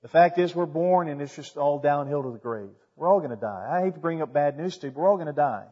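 A man preaching a sermon as a pastor, in a folksy way that climbs to loud, emphatic peaks. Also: a little high, expressive, fast. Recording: dull recording with long hall reverb.

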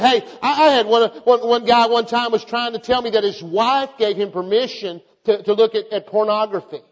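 An older man preaching a fervent sermon to a congregation, calling out to them and reading scripture aloud in a measured cadence. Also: extremely high pitch, steady tone. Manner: fervent, exhorting preaching with rhetorical calls to the congregation. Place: church hall before a congregation. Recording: echoey hall, dull lo-fi sound.

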